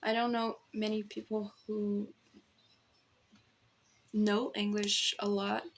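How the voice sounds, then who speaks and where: A young Brazilian woman, a native Portuguese speaker, vlogs at home to her phone camera, rambling in a casual, self-deprecating way with a Brazilian accent tinged by American influencer speech. Her mid-range voice is completely flat and slow, with slight background noise.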